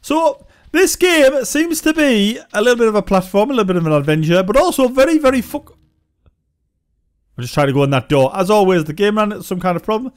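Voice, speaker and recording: Man, game reviewer, sarcastic, swearing, high voice, lively pitch. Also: brisk. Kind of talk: let's-play commentary.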